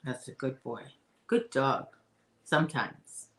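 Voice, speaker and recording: A woman from the Chicago area, a crochet vlogger, chats and rambles casually with her live viewers as she crochets, sometimes talking to her puppy in a high baby voice. Her voice is a bit bright with big pitch swings and a slow pace, in a reverberant, poor-quality recording.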